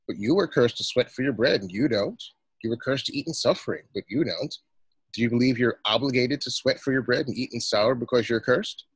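A man's voice: medium pitch, a little fast, slightly rough, no echo, pitched above the performer's own voice, lightly acted. A man reading as an indignant young driver. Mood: arguing. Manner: storytelling, indignant, quoting others. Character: exasperated young male driving-school worker telling a story. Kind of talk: reading aloud from a novel.

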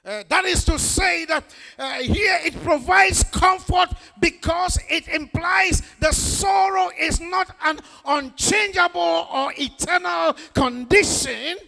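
A male pastor preaching an emphatic sermon, often shouting and drawing call-and-response from the congregation. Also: very high voice, takes it slowly, gravelly.

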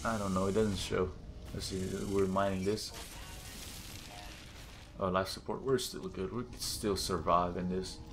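A man's voice: sits low, measured pace, long pauses, slight background noise. A young man casually commenting on his own gameplay, exclaiming and gasping often as he explores. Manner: excitable, gasps and exclaims often. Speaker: gaming channel host. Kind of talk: casual let's-play commentary.

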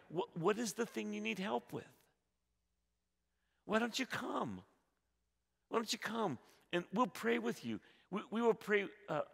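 A male pastor preaching a sermon, swinging between loud appeals and soft, hushed passages, often repeating his words. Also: mid-range voice, gravelly, long reverb tail. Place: church sanctuary.

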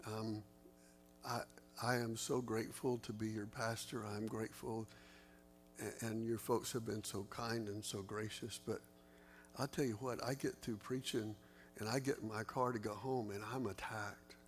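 A man's voice: lowish voice, fairly even intonation, normal speed, slight background noise. A man, a pastor teaching a Bible study in an earnest, conversational way, his voice leaping up for emphasis. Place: church.

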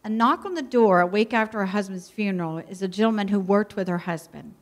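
A middle-aged woman, a missionary pastor's wife, telling a lively, heartfelt story to a church. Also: medium pitch, a little fast. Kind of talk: personal testimony to a church.

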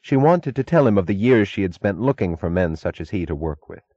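A man narrating an audiobook in a measured, even reading. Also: sits low, dry recording, dull audio. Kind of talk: scripted narration.

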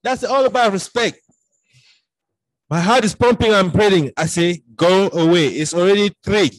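High-voiced Cameroonian man telling a dramatic story. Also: normal speed, no room sound. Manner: dramatic storyteller, acts out his own past dialogue. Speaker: podcast guest. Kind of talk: storytelling in casual conversation.

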